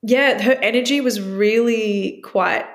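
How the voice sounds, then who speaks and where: A woman guest telling a candid personal story, reflective and open, acting out her own past lines in a brighter voice. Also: on the high side, slow pace. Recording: echoey room.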